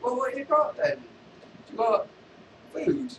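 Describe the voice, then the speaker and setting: A man's voice: very high voice, takes it slowly, roomy sound, distant mic, muffled recording, noisy background, voice pushed up, exaggerated voice. A man voicing a pushy male street beggar who keeps demanding things. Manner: nagging and demanding.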